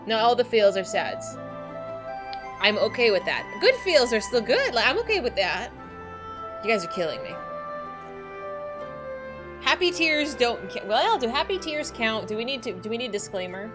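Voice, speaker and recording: A woman's voice: on the high side, big pitch swings, moderate pace, pauses often, music in the background. A woman streaming a game, chatting casually and giggling with her viewers. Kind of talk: casual live-stream chat.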